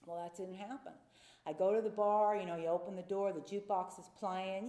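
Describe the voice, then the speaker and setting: A woman's voice: medium pitch, fairly even intonation, brisk, warm tone, roomy sound. A middle-aged woman telling her recovery story at a meeting, candid and confessional, sometimes acting out the voices of people in it. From North Carolina. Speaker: AA speaker. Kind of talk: personal recovery talk from a podium.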